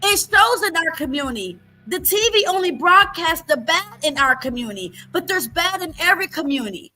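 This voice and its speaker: A woman's voice: extremely high pitch, animated, brisk, sharp tone. A woman hosting a livestream, talking in a blunt, profane, repetitive rant. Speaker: livestream host.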